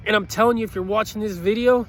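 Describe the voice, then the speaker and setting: A fast-talking motivational speaker with a high-pitched, steady, somewhat bright voice gives a heartfelt talk over slight background noise. He sounds earnest and pleading, repeating himself and choking up.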